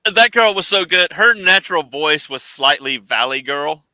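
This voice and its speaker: A man's voice: on the high side, moderate pace, no room sound, poor audio. A man telling a funny story casually on a gaming stream, laughing, with lots of fillers. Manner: animated, laughing, many fillers. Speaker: player on a tabletop game stream.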